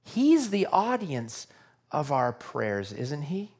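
Guy preaching slow and earnest, voice goes up and down a lot, keeps asking the crowd questions. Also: fairly high pitch, huge pitch swings, darkish tone, slightly rough. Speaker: pastor. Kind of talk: sermon.

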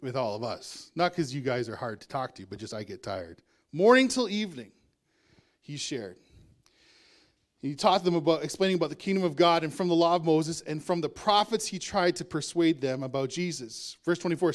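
A male pastor preaching a sermon in a conversational way, with asides and chuckles. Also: on the high side.

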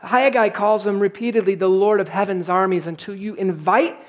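A middle-aged man preaching a sermon in a church. He tells stories with lively energy and pokes fun at himself, sometimes acting out his own frustration. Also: sits high, normal speed. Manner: animated, self-mocking storyteller who acts out his frustration. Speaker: pastor. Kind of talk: sermon with a personal story.

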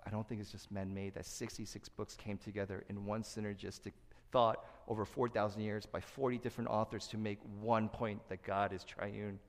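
A middle-aged man preaching a sermon as pastor, who acts out quotes in loud high bursts and sinks to a soft low voice for serious points. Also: little pitch movement, a little fast, hardly any pauses. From Korea. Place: church sanctuary. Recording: long hall reverb.

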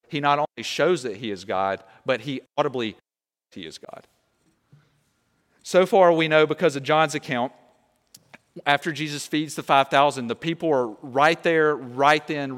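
A young man preaching a sermon, animated and conversational, often checking in with "okay?". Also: medium pitch, long reverb tail. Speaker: pastor.

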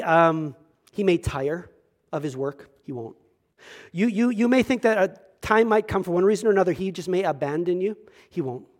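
A man preaching a sermon at a church service. He moves from loud, emphatic scripture reading to quiet, joking asides. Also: high voice. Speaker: pastor.

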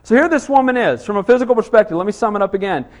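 A pastor with a high-sitting voice, lively intonation, and a very fast pace preaches a sermon; he is a father of small children. He fires off rhetorical questions, rising to emphatic cries, and keeps calling "Amen?" to the congregation in call-and-response fashion.

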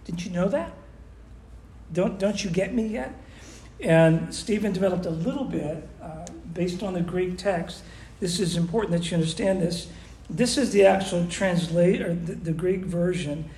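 A man teaching a Bible class, explaining scripture in an animated way and acting out the quoted lines. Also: sits high, moderate pace. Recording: echoey room with faint noise.

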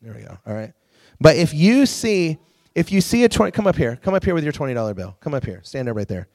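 Speaking quickly in a slightly high voice, a youth pastor tells stories to a youth group with lots of animation, acting out the quotes. The recording is dry and clean, studio-grade.

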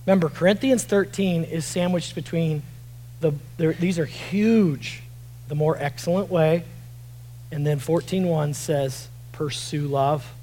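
A man with a high voice preaches a sermon. He swings between loud, shouted emphasis and quiet, low passages as he reads verses aloud. He often stumbles over repeated words and restarts his phrases. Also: measured pace, slight background noise, rough recording. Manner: repeats words and restarts while reading scripture. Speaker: pastor.

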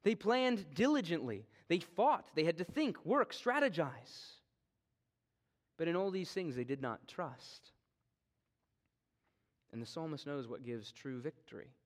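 A man preaching an expository sermon in an earnest way, his voice often sinking low and quiet at the ends of phrases. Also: very animated, a little slow, pauses often.

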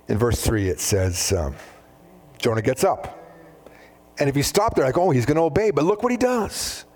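Male pastor, animated sermon delivery, mid-high voice, slips into voices for scripture scenes. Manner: animated, acts out biblical dialogue in voices.

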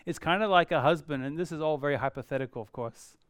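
A middle-aged man preaching a sermon as a pastor, lively and acting out quoted voices. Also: a little high, quick pace, smooth, dry recording. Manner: animated, acts out quoted voices.

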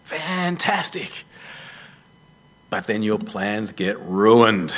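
A man preaches to his congregation in an animated storytelling way, his fairly high voice rising and falling. He slips in self-deprecating jokes as he goes. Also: a little slow. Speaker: pastor. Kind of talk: sermon.

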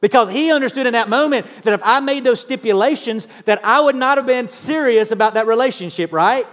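A man's voice: extremely high pitch, a little fast, a bit bright, big-room sound. A man, preaching a sermon in a conversational way and often asking the congregation questions. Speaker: pastor. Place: church sanctuary.

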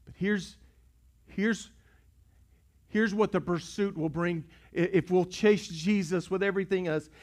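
Man, pastor, high voice, sermon in a church, hushed to shouting, repeats phrases. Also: steady tone, unhurried. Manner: preaching in swells from hushed to shouting, repeats words. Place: church sanctuary. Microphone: pulpit mic.

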